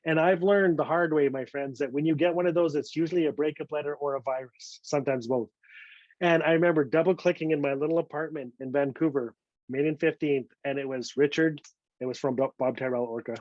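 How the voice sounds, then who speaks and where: A man's voice: a little high, brisk, a little mellow, no echo, dull audio. A middle-aged man telling a story about his career with energy, acting out the other people's voices when he quotes them. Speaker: invited author telling a story. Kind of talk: storytelling talk.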